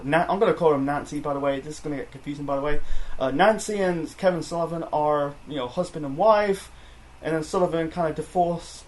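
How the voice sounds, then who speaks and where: Young male reviewer, slightly raised pitch, loose rambling delivery, lots of "you know" and restarts. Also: darkish tone. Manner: rambling, many fillers and self-corrections. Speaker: wrestling review host. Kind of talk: casual solo review chat.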